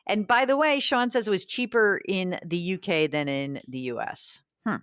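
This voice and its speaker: A woman's voice: on the low side, moderate pace, a bit bright, clean tone, no room sound, studio quality. A woman hosting a radio call-in show about money, chatty and thinking aloud as she answers listener questions.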